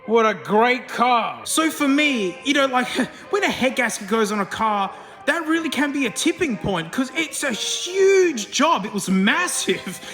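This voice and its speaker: Excitable bright-voiced Australian man. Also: very high-pitched, measured pace, in a large hall, faint music behind. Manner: excitable, chatty, laughs often, lots of slang. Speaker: car vlogger host. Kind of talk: casual commentary over car work and testing.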